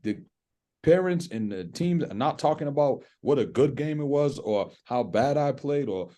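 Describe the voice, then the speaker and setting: A man's voice: medium pitch, animated, moderate pace, mellow. A man who coaches youth basketball, talking casually and explaining his views earnestly. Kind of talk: casual podcast chat.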